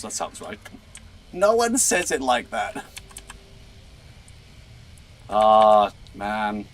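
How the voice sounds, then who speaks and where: A man hosts a game livestream in a goofy, playful way. His voice sits fairly low but swings widely up and down. He trips over and repeats his words and breaks into laughter. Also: expressive, slow, long pauses, a little hiss or hum. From England. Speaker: livestream host. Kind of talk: casual gaming livestream chat.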